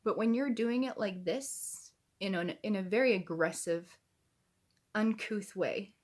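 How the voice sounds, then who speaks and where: A woman's voice: medium pitch, measured pace. A woman giving heated, indignant reaction commentary to camera, swearing as she gets angry. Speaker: YouTube commentator.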